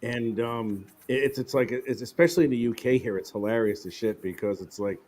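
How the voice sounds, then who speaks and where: A man's voice: medium pitch, a little fast, a little mellow, slight background noise. A man hosting a stream, chatting loosely and joking with plenty of swearing. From New York City. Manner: profane, loose and jokey. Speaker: stream host. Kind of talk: casual chat.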